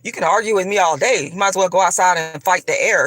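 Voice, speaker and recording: A woman's voice: fairly low pitch, fast talker, a bit bright, dry recording. A woman vlogger delivering a profane, combative, preachy rant straight to her viewers. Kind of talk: ranting monologue to camera.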